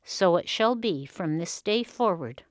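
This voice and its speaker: A woman's voice: lively intonation, a little slow, no echo, studio quality. A woman voicing an old beggar crone who is secretly a stern fairy, in a storybook tale. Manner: high, pleading then stern.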